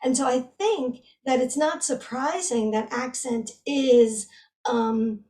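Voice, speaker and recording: A woman being interviewed as a researcher, explaining her work in a measured way with frequent fillers. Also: high voice, darkish tone, far from the mic. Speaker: guest researcher. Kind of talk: academic interview.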